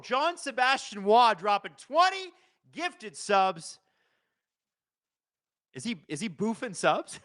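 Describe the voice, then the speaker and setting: Bright-voiced man streaming. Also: mid-range voice, dry recording. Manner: jokey, reads viewer comments aloud. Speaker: host of a live watch-along stream. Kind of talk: casual live-stream chat and play-by-play.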